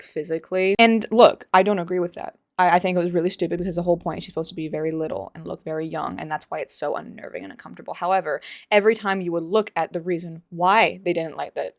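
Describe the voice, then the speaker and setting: A young woman with a lowish voice delivers opinionated vlog commentary, full of sarcasm and disbelief. The recording is dry and close, with no room sound around her. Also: creaky, no room sound. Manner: sarcastic, incredulous. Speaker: commentary vlogger.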